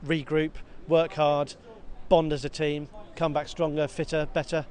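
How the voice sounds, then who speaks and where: A man co-hosting a football podcast, talking in a lively, self-mocking way and often repeating words. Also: on the high side, a little slow. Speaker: podcast co-host. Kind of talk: casual football chat. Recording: faint background noise.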